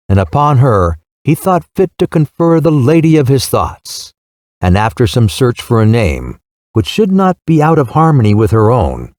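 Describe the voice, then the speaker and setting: A man narrating a classic novel as an audiobook, with measured, expressive storytelling. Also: medium pitch, no echo, clean studio sound.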